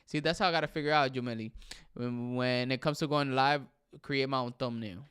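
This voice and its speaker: A man's voice: medium pitch, fairly even intonation, a little fast, a bit bright, clear, resonant tone, no room sound, studio quality. A young man hosting a casual livestream, chatting with viewers and reading their comments, switching between English and Spanish. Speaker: livestream host.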